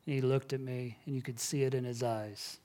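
A male pastor giving a sermon in an earnest, measured way, dropping to a hush at solemn moments. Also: mid-range voice, fairly even intonation.

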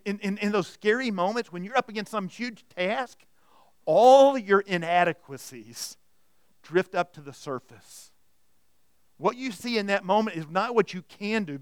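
A man preaching a sermon, animated and repetitive, acting out the voices he quotes. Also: high-pitched, normal speed, clean tone, no echo, clean studio sound. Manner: animated, repeats words, acts out quoted voices. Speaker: pastor.

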